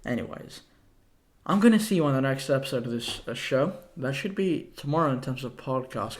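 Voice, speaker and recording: A young man hosting a solo tech podcast, talking casually and rambling with lots of fillers, a little out of breath. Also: mid-range voice. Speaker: podcast host.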